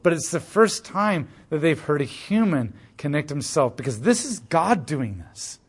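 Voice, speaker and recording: A man's voice: a little high, big pitch swings, moderate pace, husky. A man teaching a casual Bible study, explaining passages conversationally with asides and frequent "like".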